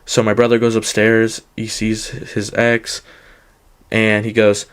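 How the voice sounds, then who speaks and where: A man's voice: lowish voice, completely flat delivery, slow, clean tone. A young man casually telling a rambling personal story, full of fillers and "he goes" quotes.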